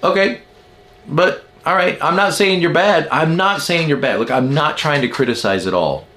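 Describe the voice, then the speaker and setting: Pushed and bright, this man's slightly high voice runs at normal speed as he hosts his podcast. He teaches in a relaxed monologue, using everyday anecdotes and self-deprecating asides, and performs the voices of people he quotes.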